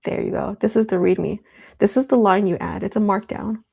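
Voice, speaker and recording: A young woman hosts a casual live stream, talking in a loose, rambling way with plenty of fillers. Her voice has a gravelly edge and a mellow, darker tone. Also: medium pitch, fairly even intonation, normal speed. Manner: chatty, rambling, with many fillers. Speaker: livestream host.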